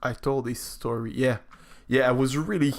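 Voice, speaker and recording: Guy streaming and musing out loud, kinda gravelly, lots of restarts, soft music under it. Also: medium pitch, fairly even intonation, moderate pace. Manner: hesitant, many restarts and fillers, reflective. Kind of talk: casual live-stream chat while building.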